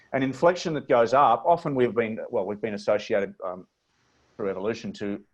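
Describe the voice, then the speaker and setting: A man with an Australian accent coaching a webinar on speech over a video call, talking in a measured, deliberate way and demonstrating inflections. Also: mid-range voice, muffled recording. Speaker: presentation coach. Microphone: computer mic on a video call.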